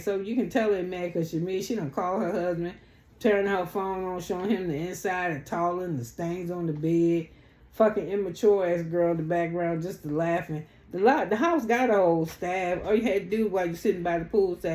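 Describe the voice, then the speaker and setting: A woman's voice: fairly low pitch, normal speed, mellow. A woman recapping a reality show in blunt, sassy, profane casual chat. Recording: echoey room.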